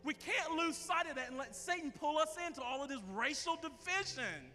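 A man preaching a passionate sermon to his church as its minister, at times shouting. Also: very high voice, animated, moderate pace, in a large hall. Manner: impassioned preaching, rising to shouts. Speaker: pastor. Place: church sanctuary.

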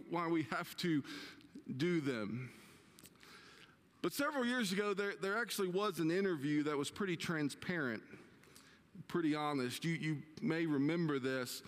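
A man preaching a sermon as pastor, conversational and slowing down to stress key words. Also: high-pitched, fairly bright tone, long reverb tail. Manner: conversational, slows down for emphasis. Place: church sanctuary.

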